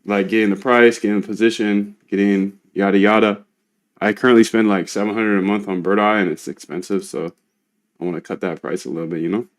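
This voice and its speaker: A man's voice: fairly low pitch, steady tone, brisk. Slangy chatty man coding aloud. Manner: slangy and chatty, talks to himself and his coding assistant. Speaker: trading bot developer and streamer. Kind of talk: casual live coding talk.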